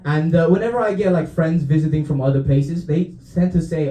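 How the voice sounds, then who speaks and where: A man's voice: a little high, fairly quick, hardly any pauses, mellow, echoey room. A young man from Romania doing a stand-up routine in a comedy club, often laughing at his own jokes and tossing in dry asides.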